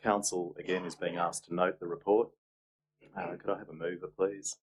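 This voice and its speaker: A man chairs a council meeting as mayor, with a very low voice that barely moves in pitch. He runs through agenda items in a businesslike way and adds dry asides. A faint hum sits behind him. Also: level tone, moderate pace, rough recording.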